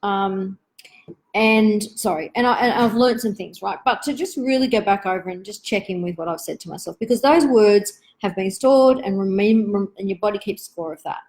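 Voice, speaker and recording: A woman, hosting a live online Q&A for parents in a gentle, reflective, chatty way with many asides. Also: medium pitch, normal speed, rough recording.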